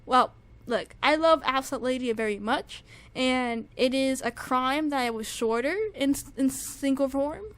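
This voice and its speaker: A woman casually reviewing her favorite songs, gushing with fangirl enthusiasm and rambling with lots of fillers and repeats. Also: measured pace. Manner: shrieks high with excitement at times. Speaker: music reviewer. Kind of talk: casual solo music review.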